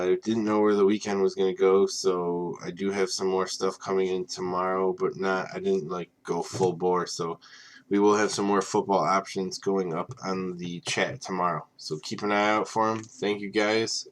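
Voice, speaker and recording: A man's voice: low voice, normal speed. A man hosting a live card break stream, reading off players and teams in a casual, tired way, apologizing for yawning late at night. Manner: reads off names in a steady list.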